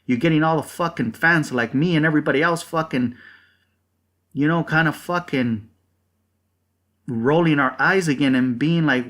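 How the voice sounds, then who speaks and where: A man's voice: fairly high pitch, moderate pace, pauses often, a bit bright. A man hosting a boxing channel, ranting bluntly and profanely in a casual, rambling way full of fillers.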